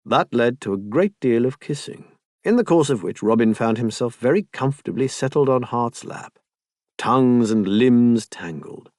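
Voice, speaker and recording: A man narrating a romance audiobook in an expressive, intimate reading. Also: mid-range voice, moderate pace, no echo, studio quality.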